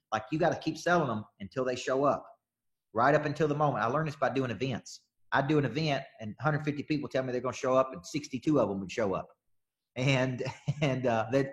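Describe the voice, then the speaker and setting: A man's voice: medium pitch, brisk. A man coaching on sales during a live webinar, talking emphatically and repeating his points as he answers questions.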